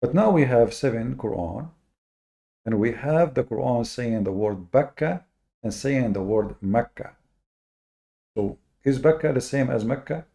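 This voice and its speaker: A man hosting a lecture-style monologue, speaking with slow, deliberate emphasis, often repeating words and adding fillers. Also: mid-range voice, expressive, vocal fry, warm tone. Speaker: host.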